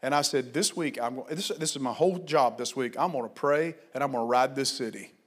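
A man preaching a sermon as pastor, fervent and exhorting, at times shouting and at times telling stories quietly. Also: medium pitch, a little fast.

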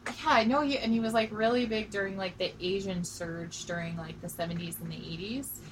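A woman in her forties co-hosting a casual chat, joking and bawdy, telling stories with animated energy. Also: medium pitch, brisk, background noise. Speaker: podcast co-host.

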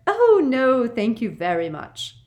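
A woman's voice: fairly high pitch, huge pitch swings, slow, darkish tone, pitched above the performer's own voice, exaggerated voice. A woman voicing a simpering, falsely sweet middle-aged witch official in an audiobook, with a honeyed, faux-polite voice. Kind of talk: audiobook character voice.

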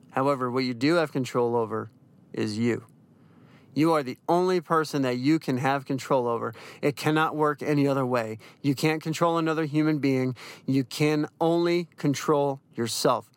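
A man's voice: fairly high pitch, fairly bright tone. A young man hosting a podcast, giving a blunt, profane motivational monologue that keeps hammering the same points over and over. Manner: emphatic, repeats key phrases. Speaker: podcast host.

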